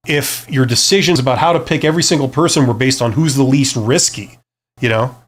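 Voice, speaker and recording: A middle-aged man hosting a casual live career Q&A, talking in a rambling, conversational way with lots of fillers and self-deprecating jokes. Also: medium pitch. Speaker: career advice livestream host.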